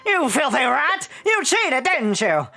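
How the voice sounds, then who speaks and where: A woman voicing a pompous, indignant nobleman in a shrill, nasal, Waluigi-style voice for a game. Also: big pitch swings, takes it slowly, creaky, pushed and bright, soft background music, full character voice. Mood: accusing.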